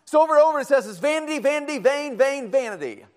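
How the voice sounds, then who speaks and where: A man's voice: extremely high pitch, animated, fast. A man preaching a Bible study sermon in a folksy, conversational way, often asking the congregation questions.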